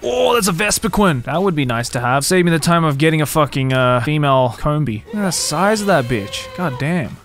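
A man streaming a video game live, commenting excitedly with lots of slang and swearing. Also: fairly high pitch, brisk, few pauses, soft background music.

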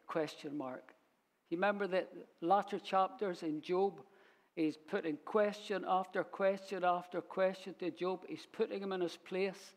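A man teaching a Bible sermon in a church, unhurried and storytelling as he quotes verses. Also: high-pitched, fairly even intonation. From Scotland. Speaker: preacher.

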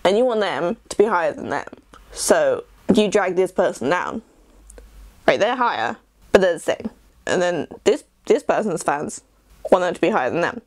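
A woman's voice: on the low side, sing-song, normal speed, a little mellow, no echo. A young English woman vlogging in a rambling, self-deprecating casual chat. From England. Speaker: YouTuber.

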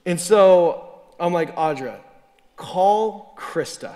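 A man preaching to his church in a casual, storytelling way, his voice sitting a bit high for a man. He chuckles as he talks and keeps things conversational. The sanctuary gives his voice a long trailing reverb. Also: slow pace. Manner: conversational and animated, chuckles mid-sentence. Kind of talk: sermon told as a personal story.

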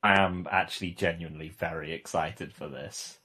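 Man, podcast co-host, low, husky, rambling, deadpan. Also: normal speed. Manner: rambling, wry deadpan humor, many "like" fillers. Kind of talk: casual podcast chat.

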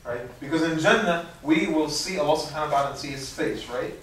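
An imam gives a conversational religious lecture in a university lecture room and takes audience questions, frequently restarting and repeating words. His voice is fairly high and a bit bright, with a quick pace, captured from a distance in an echoey room with faint noise.

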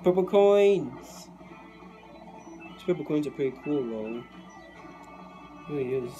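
A young man giving live gameplay commentary, excitable and quick to vent frustration at the game. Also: mid-range voice, lo-fi sound. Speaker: gaming YouTuber. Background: game music.

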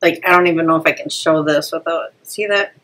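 A woman's voice: sits low, steady tone, a little fast, a bit bright, poor audio. A woman in her thirties hosting a casual family snack unboxing, chatty and laughing often, stumbling over foreign names. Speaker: family channel host.

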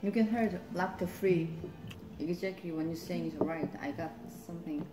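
A woman's voice: on the low side, normal speed. A Korean woman with a Korean accent, chatting playfully in broken English in a cafe. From South Korea. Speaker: vlogger. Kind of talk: casual chat. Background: loud music.

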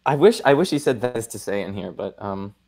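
A young adult man, a guest in a casual video discussion, playful and quick to laugh. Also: on the low side. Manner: playful, laughing easily, lively.

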